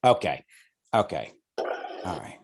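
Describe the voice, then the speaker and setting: A man's voice: low-pitched, very animated, slow, gravelly, a little hiss or hum. A man with a Long Island accent chairing a committee meeting in an easygoing, conversational way, thinking aloud as he talks. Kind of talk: meeting discussion.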